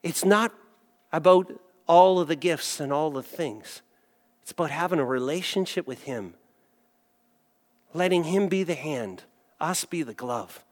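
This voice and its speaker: A man preaching a sermon as a pastor, telling a story with animated acted-out voices. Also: a little high, unhurried, long pauses, long reverb tail.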